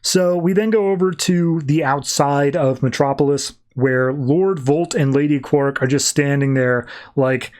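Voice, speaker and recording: Male podcast host, highish voice, casual and wry comic recaps. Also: lively intonation, darkish tone. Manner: offhand, wry, slips into quick character voices.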